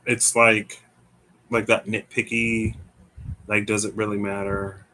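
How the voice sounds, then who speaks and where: This young Midwestern tarot reader speaks in a low voice with a flat delivery and slow pace, yet his tone is bright and forceful. Reading casually, he thinks aloud in a rambling, hesitant way, often searching for words. The recording is rough.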